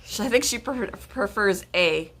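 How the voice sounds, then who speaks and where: A woman's voice: mid-range voice, expressive, a little slow, fairly bright tone. A woman hosting a pet channel, chatting casually on a livestream in a rambling way, often stopping to correct herself.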